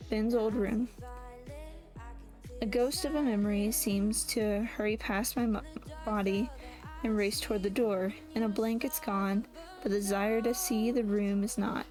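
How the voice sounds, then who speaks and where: A woman's voice: medium pitch, steady tone, measured pace, darkish tone, soft background music. A woman reading a first-person novel aloud, often stopping to correct and restart her words. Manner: reads with frequent restarts and self-corrections. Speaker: audiobook reader.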